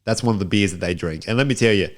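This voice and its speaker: A man's voice: lowish voice, rapid-fire. An Australian man co-hosting a film review podcast in casual chat, often repeating and restarting his words.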